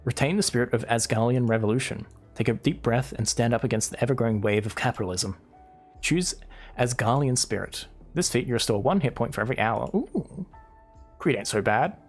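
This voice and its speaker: Brief: male streamer, mid-pitched voice, reads on-screen game text with wry remarks, soft game music underneath. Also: a little fast. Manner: wry, reads dialogue aloud with asides. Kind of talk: live gameplay commentary, reading game text aloud.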